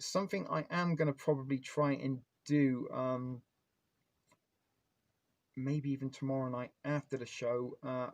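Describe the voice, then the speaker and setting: Gravelly-voiced man hosting a live stream. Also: mid-range voice, no room sound. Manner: rambling, chatty, greets viewers by name. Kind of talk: casual live-stream chat. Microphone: phone.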